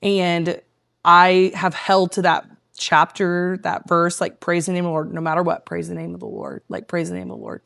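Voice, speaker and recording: A woman's voice: on the low side, moderate pace, vocal fry, a bit bright. A woman guest telling a heartfelt personal story in casual conversation, earnest and rambling with lots of fillers. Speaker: guest, tea room owner.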